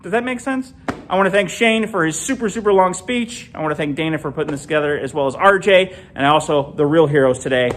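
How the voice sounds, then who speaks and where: A middle-aged man from Illinois doing an animated stand-up comedy set alone in an empty comedy club, with punchy delivery and big jumps in pitch. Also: quick pace.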